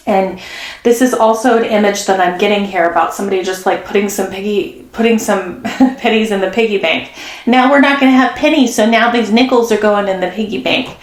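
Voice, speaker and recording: A woman doing a casual, chatty tarot reading, talking warmly and effusively to her viewers. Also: medium pitch. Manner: chatty and effusive, gasps and acts out quotes. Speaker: tarot reader. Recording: echoey room.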